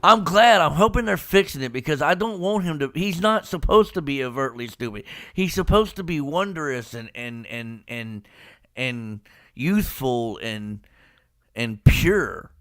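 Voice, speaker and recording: A man talking casually about a manga chapter, his voice a touch high with a gravelly edge. He retells scenes in an animated way and slips into quick impressions of the characters, laughing as he goes. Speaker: podcast host. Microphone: live stream microphone.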